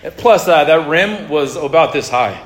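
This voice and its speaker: A man preaching a sermon in a relaxed, conversational way, with jokes and asides to the congregation. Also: a little high, moderate pace. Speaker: pastor. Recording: echoey room.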